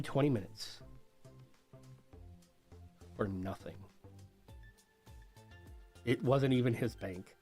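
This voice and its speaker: A man streaming, telling a story casually to his chat, animated, swearing freely and laughing often. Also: fairly high pitch.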